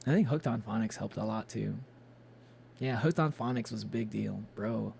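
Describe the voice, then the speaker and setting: A man's voice: on the low side, moderate pace, vocal fry, darkish tone, slight background noise. A man streaming a game, chatting casually and rambling with lots of fillers and little chuckles. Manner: rambling, many fillers and restarts, chuckles often.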